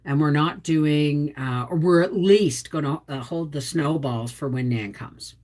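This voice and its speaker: A woman's voice: low-pitched, measured pace, a little mellow. A middle-aged woman from Quebec chatting casually on a livestream, greeting viewers by name. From Quebec, Canada. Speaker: homestead channel host. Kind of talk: casual livestream chat reading comments.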